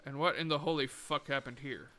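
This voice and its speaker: A young man streaming a colony game live, muttering to himself, swearing and breaking into sudden excited outbursts. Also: mid-range voice, fairly quick, a little hiss or hum. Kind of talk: live gameplay commentary.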